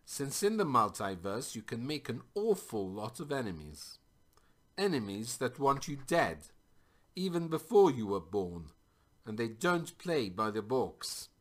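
A man's voice: mid-range voice, a bit bright, pitched above the performer's own voice. A man voicing an eccentric, carefree stranger who teases and swings his voice widely.

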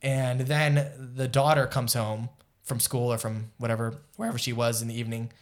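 A man's voice: mid-range voice, flat delivery, normal speed. Rambling male anime podcast co-host. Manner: rambling, lots of fillers and asides, distracted by live chat. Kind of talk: casual chat reviewing anime.

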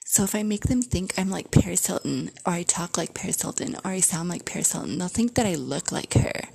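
Woman vlogger, a bit low-voiced, casual rambling storyteller. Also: fairly quick, vocal fry, hardly any pauses, a little mellow, slightly rough. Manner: rambling, chatty, frequent "like" fillers.

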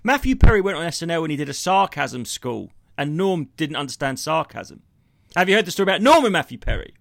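Animated, bright-voiced comedian ranting. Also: male voice, on the high side, fast, creaky, no echo. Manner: sweary, ranting, jumps between impressions and storytelling. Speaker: comedian podcast co-host. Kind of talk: casual comedy chat.

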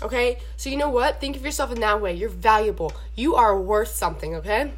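A woman's voice: fairly high pitch, a little fast, husky. A young woman hosting a podcast, giving casual faith and dating advice in a chatty, preachy, rambling way, often checking in with "okay?". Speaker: podcast host.

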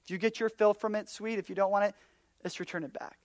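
A man preaching a casual sermon, telling stories and acting out little quotes, swinging from loud bursts down to near-whispers. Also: high-pitched, fast talker, dry recording. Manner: animated storyteller, acts out quotes, drops to near-whispers. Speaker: pastor.

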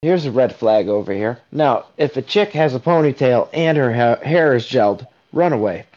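A man's voice: mid-range voice, expressive, normal speed, a little mellow. A man in a crude casual podcast chat, joking around and doing mock sponsor reads. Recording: dull lo-fi sound.

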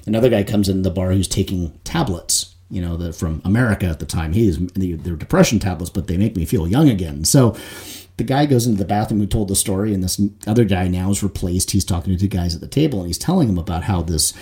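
Guy on a podcast mic, low mellow voice, animated storyteller, keeps laughing. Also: quick pace. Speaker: podcast co-host. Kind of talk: casual chat. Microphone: desk mic without boom, close to face.

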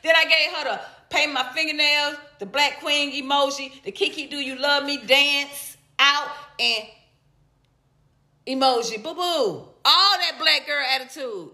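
A woman from Atlanta, a stand-up comedian, chatting on a vlog in an animated, playful way with drawn-out teasing repeats. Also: high voice, reverberant. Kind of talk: casual vlog reading viewer comments.

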